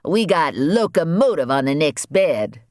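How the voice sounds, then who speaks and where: A man voicing a mocking male repeat-offender car thief who jeers loudly. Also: a little high, very animated, unhurried, dry recording, clean studio sound. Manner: mocking, loud.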